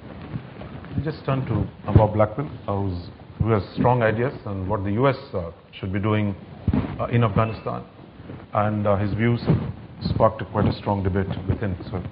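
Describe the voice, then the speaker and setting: A man's voice: on the low side, normal speed. A man moderating a panel, handing the floor to the next speaker. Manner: brief handover remarks. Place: conference hall. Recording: dull distant recording with noise.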